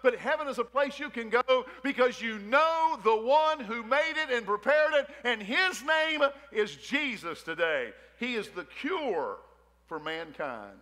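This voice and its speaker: A man's voice: very high voice, lively intonation, measured pace, sharp tone. A man preaching a fervent sermon as pastor in a church, repeating his points with folksy asides. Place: church sanctuary. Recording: long hall reverb in a church.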